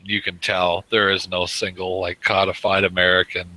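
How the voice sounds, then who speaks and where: A man's voice: sits low, little pitch movement, moderate pace, sharp tone, low-quality recording. A man in casual online voice chat, talking in a blunt, profane way. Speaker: voice chat regular. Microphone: online voice chat mic.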